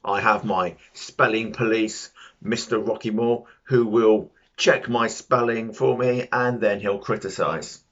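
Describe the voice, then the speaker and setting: Slow, rambling, self-mocking man vlogger. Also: lowish voice, fairly even intonation, fairly bright tone. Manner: self-deprecating, digressive, jokey asides. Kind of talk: casual rambling monologue. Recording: dull lo-fi sound.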